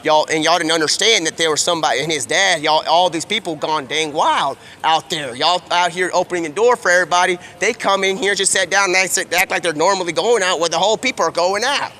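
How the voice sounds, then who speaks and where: Excitable high-voiced man rambling a story. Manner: excitable, rapid stream of consciousness with quick voices for characters. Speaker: streamer.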